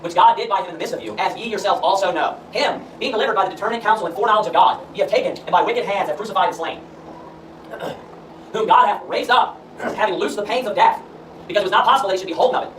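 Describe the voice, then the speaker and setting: A man preaching at a rapid clip, firing rhetorical questions and reading scripture between his points. He sounds set back from the microphone in a roomy space, with a faint hum of the room behind him. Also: sits high, a bit bright. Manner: emphatic, asks rhetorical questions. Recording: roomy echo, far from the mic, faint room noise.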